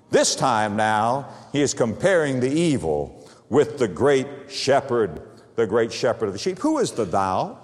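A man's voice: very animated, a little slow. Dramatic preacher man in a big hall. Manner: dramatic, swooping pitch and volume, repeated phrases. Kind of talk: sermon.

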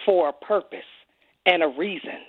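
A woman's voice: on the low side, lively intonation, normal speed, breathy edge, dry recording. A woman calls in as a guest and urges listeners in an emphatic, churchy way. Her voice comes over a tinny, dry phone line. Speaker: guest, anti-trafficking advocate. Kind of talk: radio interview on a phone line.

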